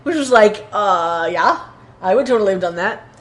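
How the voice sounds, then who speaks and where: A woman's voice: medium pitch, fast talker. A woman co-hosting a podcast, casually recapping a TV episode and acting out quoted lines. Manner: animated retelling with quoted lines. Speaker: podcast co-host.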